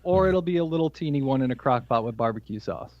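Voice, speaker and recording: A man's voice: medium pitch, animated, fast talker, no echo, lo-fi sound. A man co-hosting a podcast in casual chat, telling stories with a laugh. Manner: jokey, laughs at his own stories. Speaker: podcast co-host.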